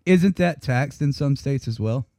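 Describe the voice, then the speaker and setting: A man's voice: medium pitch, lively intonation, measured pace, vocal fry, warm tone, dry recording, clean studio sound. A man co-hosting a podcast, telling stories animatedly and laughing often. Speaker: podcast co-host. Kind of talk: casual joking chat.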